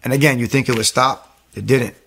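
A man's voice: mid-range voice, fairly even intonation, brisk, vocal fry, fairly bright tone, husky. A young man giving a candid, earnest personal testimony, often stopping and restarting his sentences.

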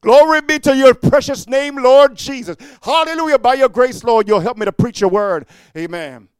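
A man preaching a fiery sermon, repeating "amen" and swinging from low muttering to shouting. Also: normal speed, smooth, dry recording. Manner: repetitive call-and-response, frequent "amen".

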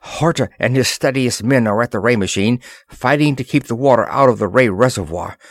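A man's voice: mid-range voice, fairly quick, no echo, lightly acted. A man voicing a brave, earnest young princess in an audiobook reading, speaking with urgent pleading.

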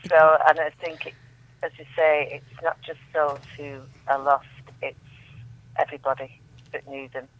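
A woman on the phone reading her poems aloud with measured, emphatic delivery. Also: low-pitched, little pitch movement. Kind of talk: poetry reading over the phone. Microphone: telephone. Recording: tinny dry phone line.

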